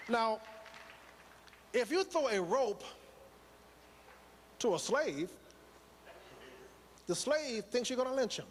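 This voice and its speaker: A man's voice: very high-pitched, expressive, takes it slowly, pauses often, big-room sound, a little hiss or hum. A man giving a motivational speech to a live audience, preaching with rhetorical questions and repetition. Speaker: motivational speaker.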